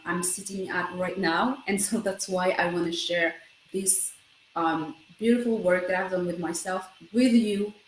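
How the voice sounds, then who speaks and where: A woman in her thirties talking fast in a personal self-help vlog, often breaking off mid-sentence and adding "right?". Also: medium pitch, reverberant, slight background noise, low-quality recording. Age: 30s. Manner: fast, self-interrupting, keeps asking "right?". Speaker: vlogger.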